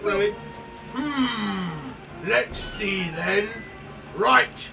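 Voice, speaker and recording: High-pitched joking man, off-mic. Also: expressive, very slow, creaky, over music. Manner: jokey, shouts house names. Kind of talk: casual banter while gaming. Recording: distant mic with noise.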